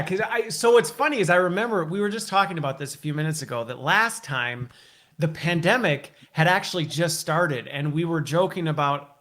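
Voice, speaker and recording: A man's voice: on the high side, fairly bright tone. A man hosting a live online show, upbeat and playful, laughing often and teasing his guest. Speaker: host. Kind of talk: casual live show chat.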